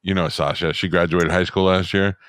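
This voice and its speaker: Deep-voiced, dry-witted man. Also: steady tone, a little fast, fairly bright tone, dry recording. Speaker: podcast co-host. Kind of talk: casual chat.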